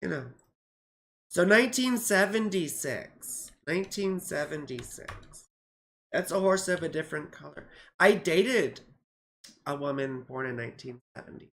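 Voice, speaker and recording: A woman's voice: low voice, animated, a little slow, a bit bright. An American woman in her forties, a goofy, rambling astrologer chatting casually on a livestream, swearing freely and sounding tired and a bit out of it. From United States. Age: 40s. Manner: tired, yawning, out of it. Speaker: astrologer doing live chart readings.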